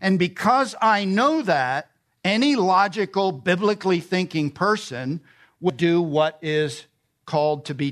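A middle-aged man preaching a sermon, emphatic and repeating key phrases. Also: high-pitched. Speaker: pastor.

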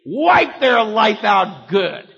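A man preaching puts on a cruel, mocking caricature of God who laughs and shouts. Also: high-pitched, sing-song, drawn-out words, vocal fry, husky, heavily acted. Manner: cackling, shouting, sneering. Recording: reverberant hall, dull lo-fi sound.

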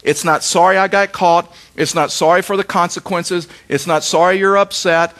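A man's voice: high-pitched, steady tone, moderate pace, fairly bright tone. Emphatic man preaching a sermon. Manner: emphatic repetition, rhetorical questions. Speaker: pastor.

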